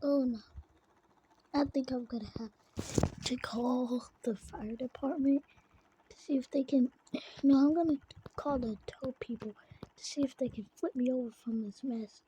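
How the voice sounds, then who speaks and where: A woman commentating a farm game in a put-on Kentucky accent, chatty and excitable, dropping into whispers now and then. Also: high-pitched, unhurried, long pauses, a little hiss or hum, low-quality recording. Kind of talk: playing a farm game with role-play commentary.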